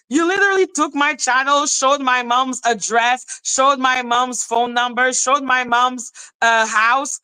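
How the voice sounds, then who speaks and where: A woman hosting a live podcast, ranting in an animated, profane way and laughing often. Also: fairly high pitch, a little slow, hardly any pauses, smooth, poor audio. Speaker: podcast host.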